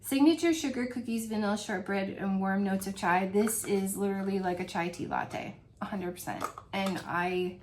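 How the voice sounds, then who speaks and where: A wax melt reviewer chats casually at home for a review video, gushing over her favorite scents and laughing frequently. She speaks at medium pitch and a moderate pace, with hardly any pauses.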